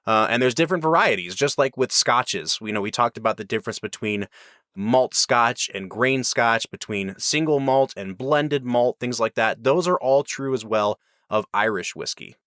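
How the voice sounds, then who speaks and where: A man hosts a casual podcast, explaining at length with easy enthusiasm. His voice is mid-pitched. It sounds close and dry, with no room around it. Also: moderate pace, a bit bright, dry recording. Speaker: podcast host.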